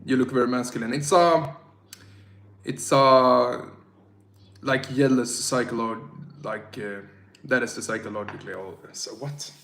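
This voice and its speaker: Slow-talking Swedish man, roomy echo. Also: mid-range voice, steady tone, gravelly, a bit bright. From Sweden. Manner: rambling, slangy, self-mocking. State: tipsy. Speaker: livestreamer reading chat. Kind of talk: casual livestream chat.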